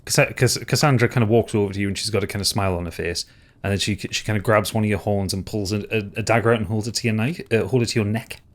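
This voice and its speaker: A man's voice: on the low side, fairly even intonation, quick pace. A man narrating as game master of a tabletop game, hesitant and full of fillers and restarts.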